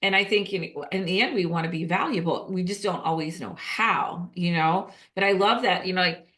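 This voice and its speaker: A woman's voice: on the low side, moderate pace, fairly bright tone. A middle-aged woman hosting a podcast, chatting casually and telling stories with many restarts and fillers. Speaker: podcast host. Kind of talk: casual interview chat.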